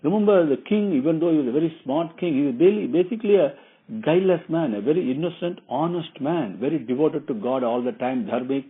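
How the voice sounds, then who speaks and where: A man retells a religious epic in a loose, rambling way, restating phrases and filling pauses with "uh." His voice is husky, and the recording is thin and tinny, like a phone line. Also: a little high. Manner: rambling, repeats himself with many fillers. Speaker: storyteller.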